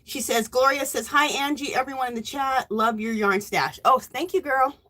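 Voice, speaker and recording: A woman hosting a casual crafting live stream, warmly greeting viewers by name and reading their chat messages aloud. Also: high voice, moderate pace. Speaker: livestream host.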